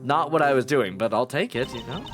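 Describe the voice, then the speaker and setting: A man's voice: medium pitch, lively intonation, brisk, soft background music. A man streaming a game playthrough, chatting casually, swearing and stumbling over names.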